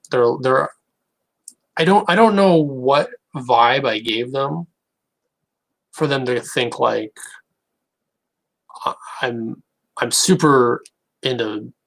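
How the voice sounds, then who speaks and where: Young male creator, gravelly, halting wry monologue. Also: medium pitch, fairly bright tone, poor audio. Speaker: online creator. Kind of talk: casual monologue to camera.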